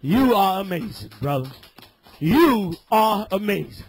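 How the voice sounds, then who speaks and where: A man preaching a fiery sermon, shouting and scolding his listeners. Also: sits high, lively intonation, measured pace, husky.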